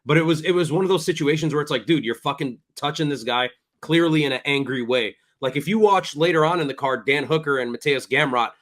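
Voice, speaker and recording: A man's voice: a little high, a little fast, few pauses, a bit bright. A man hosting a fight recap podcast, recounting the action at length in blunt, profane casual chat. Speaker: podcast host.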